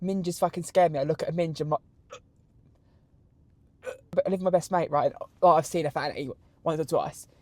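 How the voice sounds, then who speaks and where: A man's voice: on the high side, brisk, pauses often, no room sound. Brief: British man in his 20s, podcast host, camp and crude, close dry mic. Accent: British English. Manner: animated, crude, camp storytelling. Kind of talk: solo podcast answering questions.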